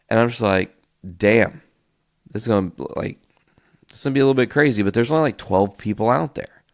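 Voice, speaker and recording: A man hosting a podcast on his own, telling a story in a casual, animated way, acting out the voices of the people in it and swearing freely on a close microphone. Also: fairly low pitch, creaky, no echo. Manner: animated, tells stories by acting out quoted voices. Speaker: podcast host.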